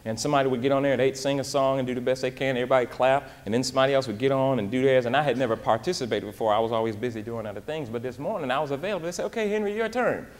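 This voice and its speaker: A man giving a live motivational talk in an animated, folksy way, often dropping in casual asides to the crowd. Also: mid-range voice, racing, hardly any pauses, in a large hall. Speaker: motivational speaker and singer.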